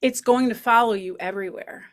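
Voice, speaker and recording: A woman's voice: a little high, fairly quick. A woman on a podcast explaining her views in a reflective, step-by-step way. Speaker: podcast co-host. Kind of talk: casual chat.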